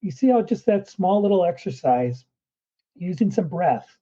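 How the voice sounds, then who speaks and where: Man, husky voice, very mellow, somewhat high pitch, earnest coaching, dull lo-fi audio. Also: big pitch swings, normal speed. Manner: earnest, guides listener through breathing steps. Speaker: performance coach guest. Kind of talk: conversational podcast interview.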